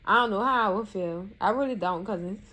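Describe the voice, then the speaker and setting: A woman giving casual TV recap commentary in a sassy, animated way, scolding the characters and calling her viewers cousins. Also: medium pitch, a little fast. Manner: colloquial, addresses viewers as cousins.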